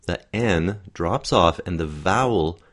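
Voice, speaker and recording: Deep-voiced male dialect coach. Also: slow pace, fairly bright tone. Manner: explanatory, demonstrates sounds aloud. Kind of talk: accent coaching lesson.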